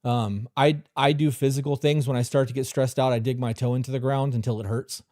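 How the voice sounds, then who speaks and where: A man's voice: medium pitch, steady tone, a little fast, darkish tone, dry recording, studio quality. A man hosting a live stream, giving blunt, profane relationship advice and answering chat questions directly. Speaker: host.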